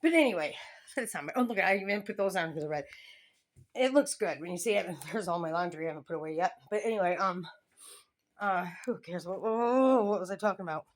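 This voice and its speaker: A woman's voice: fairly low pitch, expressive, fast talker. A middle-aged woman chatting in a meandering, giggly way with many tangents, filming her home on a handheld phone. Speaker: vlogger. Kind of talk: casual rambling home vlog. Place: at home, indoors. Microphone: handheld phone camera filming the room, face off screen.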